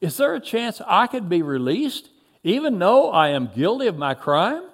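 A man narrating a dramatic first-person story, moving between excited and hushed telling. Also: high voice, moderate pace, husky.

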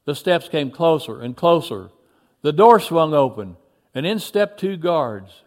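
Expressive male storyteller, lively pitch. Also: a little slow. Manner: expressive, dropping low for reflective passages. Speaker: narrator. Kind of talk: first-person dramatic story reading.

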